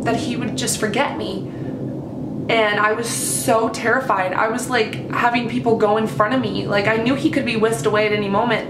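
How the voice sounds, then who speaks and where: Woman, vlogger, casual storytelling, gushing, lots of "like", higher voice, roomy echo. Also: background noise. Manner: gushing, heavy use of "like".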